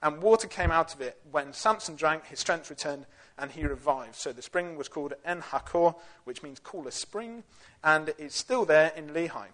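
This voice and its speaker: A man's voice: fairly high pitch, animated, moderate pace, fairly bright tone. A young man giving a casual, jokey Bible talk full of fillers and slang. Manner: chatty, jokey, with lots of fillers. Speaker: youth Bible teacher.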